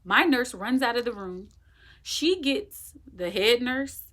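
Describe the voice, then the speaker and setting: A woman's voice: on the high side, expressive, slow pace, a bit bright. A woman casually telling a personal story, retelling it emphatically and acting out what people said. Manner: emphatic, vivid retelling that acts out quoted dialogue. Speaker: woman sharing her birth story.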